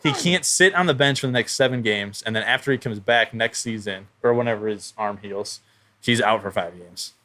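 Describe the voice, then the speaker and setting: A man co-hosting a casual sports podcast, telling the story with a forceful, bright edge. He talks in a worked-up, rapid way and swears freely. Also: on the low side. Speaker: podcast co-host.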